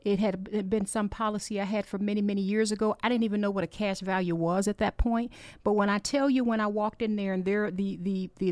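A woman hosts a podcast, giving an earnest, heartfelt faith talk that exhorts and encourages, with personal stories that ramble and restart. Her voice is medium-pitched with a darkish tone, and there's no room sound.

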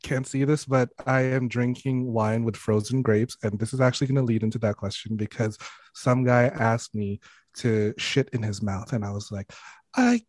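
A man's voice: mid-range voice, steady tone, moderate pace, darkish tone, no echo. A man chatting as a podcast guest in a mid-range voice, frank and joking, laughter never far off. The sound is dry and close, with no room around it. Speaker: podcast guest, sex educator. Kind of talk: casual podcast chat.

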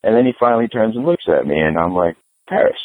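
A middle-aged New York man, a hardcore punk musician appearing as a guest, tells a profane story casually and acts out the dialogue with lots of animation. His voice sits fairly low and he talks fast. The audio is dry and phone-like, typical of a remote connection, with no room sound.

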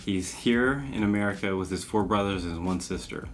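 A man's voice: deep voice, normal speed, faint music behind. A young man co-hosting a casual podcast, talking in a laid-back, rambling way and laughing at his own slips. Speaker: podcast co-host.

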